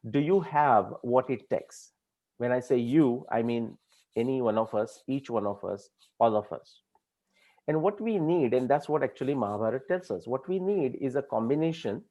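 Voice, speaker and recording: A man giving an explanatory talk to an audience, measured and deliberate, often checking in with "okay" as he explains. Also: mid-range voice, a little mellow. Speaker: speaker giving a lecture.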